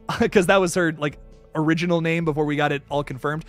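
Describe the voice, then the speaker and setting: A young man hosting a casual live stream, reading out viewer comments in an excitable, animated way and swearing casually. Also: on the high side, brisk, soft background music. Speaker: YouTube channel host.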